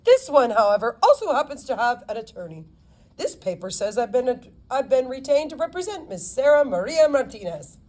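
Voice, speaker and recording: A woman's voice: sits high, very animated, a little mellow, voice pushed up. A woman voicing a polite, dapper male attorney with a British accent in an audiobook. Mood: breezy. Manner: polite, cheerfully brisk.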